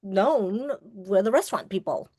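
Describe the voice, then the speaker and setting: A woman in her sixties from Long Island tells her own story as a webinar guest, lively and quick to laugh. She acts out the voices of people in the story. Her pitch sits in an ordinary middle range, and the sound is dry with little room echo. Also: breathy edge. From Long Island, New York. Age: 60s. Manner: lively, acts out quoted dialogue, laughs often. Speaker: guest speaker, filmmaker. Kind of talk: personal storytelling in an interview. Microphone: webinar call microphone.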